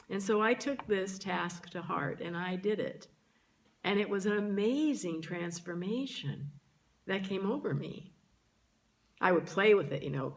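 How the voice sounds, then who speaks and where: A woman's voice: on the low side, measured pace, vocal fry. A woman minister delivering a sermon in a church, speaking to the congregation and drawing out key words for emphasis. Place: church sanctuary.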